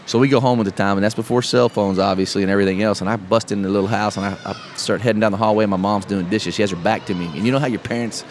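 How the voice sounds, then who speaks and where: A middle-aged man, a podcast host telling a story in casual, animated chat. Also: lowish voice, rapid-fire, hardly any pauses. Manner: animated storyteller, calls listener bro. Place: live podcast event. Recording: live event, faint noise behind.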